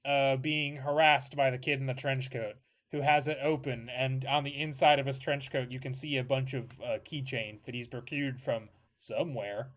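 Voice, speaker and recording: A man's voice: mid-range voice, fairly even intonation, normal speed, few pauses, a bit bright. A man narrating a tabletop game as game master, rambling and correcting himself as he goes, with casual swearing.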